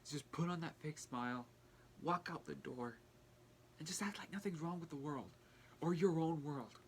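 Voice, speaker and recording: A young man talking earnestly in a personal vlog, halting and restarting as he fights back tears. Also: fairly high pitch, slight background noise. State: tearful, fighting back crying. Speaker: vlogger.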